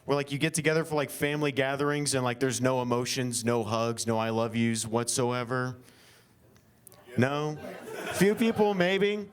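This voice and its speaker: A man's voice: mid-range voice, moderate pace, clear, resonant tone. A young man from Oklahoma doing an improvised stand-up set at a winery comedy show, rambling with lots of fillers and self-deprecating jokes.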